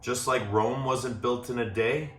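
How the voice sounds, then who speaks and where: A man teaching a gentle yoga class, guiding calmly as he demonstrates the poses and checking in with the class as he goes. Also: medium pitch, a little slow, recorded from a distance, slight background noise. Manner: calm, demonstrating as he talks, checks in with "right?". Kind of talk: guided yoga class instruction. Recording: echoey room, voice off-mic.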